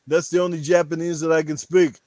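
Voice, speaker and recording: A man with a rough throat putting on a crude, boastful action-star impression, ranting vulgarly. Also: fairly high pitch, level tone, fast, a little mellow, no room sound, close to an everyday voice. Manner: vulgar, boastful, rambling rants.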